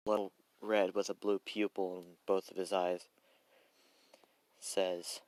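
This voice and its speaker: A man's voice: low-pitched, little pitch movement, slow pace, long pauses, a little mellow. A young man casually narrating a fan story, rambling and correcting himself as he goes. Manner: rambling, self-correcting, swears.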